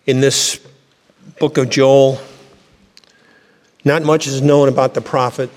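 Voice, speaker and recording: A man's voice: medium pitch, level tone, slow pace, darkish tone. Man preaching in a reverberant hall. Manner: reads scripture aloud with rising emphasis. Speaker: pastor. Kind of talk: sermon with scripture reading. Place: church sanctuary.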